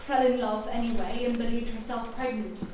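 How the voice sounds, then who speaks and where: Woman doing a stagey young detective for a fringe comedy-mystery, high-ish, far mic, hall echo. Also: steady tone, a little mellow, lightly acted. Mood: explaining. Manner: theatrical, deliberate explaining. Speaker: amateur sleuth revealing the killer. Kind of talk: live stage acting. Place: small theatre on stage. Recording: echoey theatre from far, noise.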